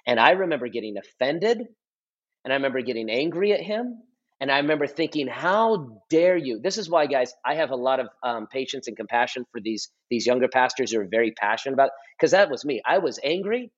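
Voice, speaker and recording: A man's voice: medium pitch, lively intonation, fast. Earnest pastor telling his testimony. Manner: earnest storytelling, repeats and restarts phrases for emphasis. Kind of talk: conversational testimony on a podcast. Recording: slightly dull lo-fi audio.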